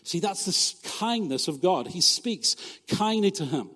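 A man's voice: high voice, lively intonation, normal speed, few pauses, a bit bright, in a large hall. A man, a pastor, preaching a sermon in a conversational, humorous way, often asking his listeners rhetorical questions.

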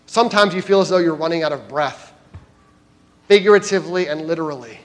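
A man preaching a sermon, swinging between loud, emphatic lines and hushed, soft ones. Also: on the high side, fairly quick.

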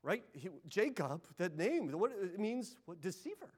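A man preaching a sermon as pastor, moving between loud pleading passages and hushed, intimate ones. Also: high-pitched, very animated, unhurried.

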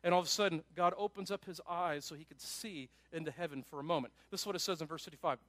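A man pastor preaching a sermon in an animated, conversational way, with asides to his listeners. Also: fairly high pitch, fast talker, few pauses, dry recording.

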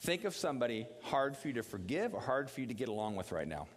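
A man's voice: quick pace, slight background noise. Preaching man in a reverberant hall. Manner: animated storytelling with acted quotes, dropping low for prayer. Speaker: pastor. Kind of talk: sermon.

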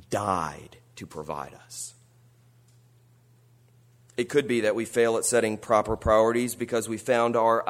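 Earnest man preaching a sermon. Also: medium pitch. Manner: earnest preaching that swings between quiet reflection and rising emphatic appeals. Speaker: pastor.

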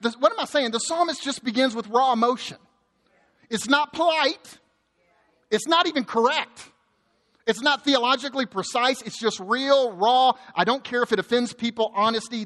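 A man pastor preaching a sermon in a church, lively and joking, often repeating words as he goes. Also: extremely high pitch, moderate pace, in a large hall. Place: church sanctuary.

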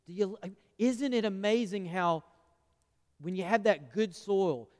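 A man's voice: sits high, lively intonation, measured pace, darkish tone. A man preaching a conversational sermon, folksy and often asking the congregation questions. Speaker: pastor. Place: church sanctuary. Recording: long church hall reverb.

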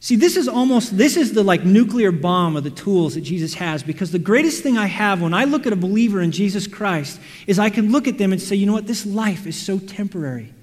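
A man preaching a sermon, animated, acting out quotes and everyday scenes. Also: sits high, fairly quick, few pauses. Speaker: pastor. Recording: reverberant hall.

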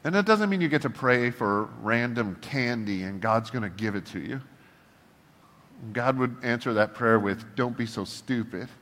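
Pastor, male, mid-pitched, casual and humorous preaching, acts out prayers, heard with a long hall echo. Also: normal speed. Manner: animated, humorous, acts out prayers to God in a shifting voice. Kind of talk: casual conversational sermon. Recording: long reverb of a large hall.

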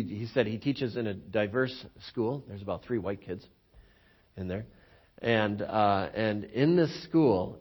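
A man preaching a sermon as pastor, telling stories with lively acted-out voices and frequent chuckles. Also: medium pitch, muffled recording. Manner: animated storytelling, acts out quoted voices, chuckles often.

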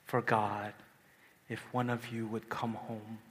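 A man in his thirties preaching a sermon at a youth retreat, telling a personal story with swings from hushed to excited. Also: lowish voice, slow pace. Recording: long hall reverb.

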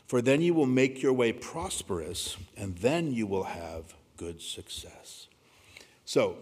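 A man preaching a sermon, earnest, dropping to a hushed voice when he quotes scripture. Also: mid-range voice, husky. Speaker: pastor. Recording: reverberant hall.

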